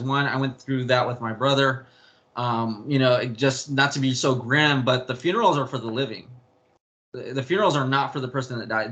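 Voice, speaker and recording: A man's voice: medium pitch, sharp tone. A young man talking candidly in an interview about family, rambling with restarts and the odd swear word. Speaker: interview guest. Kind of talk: candid personal storytelling.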